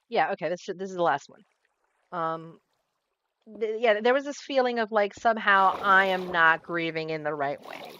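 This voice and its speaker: Playing a game on stream, this young woman talks in a casual, rambling way, often losing focus and starting her thoughts over. Her lowish voice is bright with a forceful tone, captured in a dry recording.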